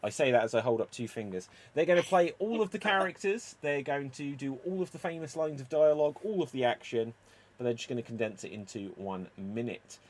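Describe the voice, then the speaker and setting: A man's voice: mid-range voice, animated. Man hosting an online improv show. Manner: brisk, teasing, keeps the game moving. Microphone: video call.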